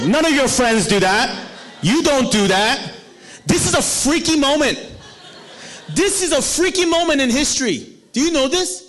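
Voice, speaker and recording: Lively high-pitched male preacher. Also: normal speed. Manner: animated, playful, acts out voices with laughter. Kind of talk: sermon.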